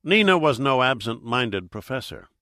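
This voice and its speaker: A man reading an audiobook in steady, measured narration. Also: medium pitch, dry recording, studio quality. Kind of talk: scripted narration.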